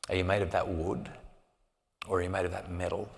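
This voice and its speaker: A man's voice: sits low, level tone, fairly quick, creaky. Man telling a story in a hall. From Australia. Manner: earnest, drops to a soft hush at emotional moments. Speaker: parenting speaker. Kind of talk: live storytelling talk. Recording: long reverb of a hall.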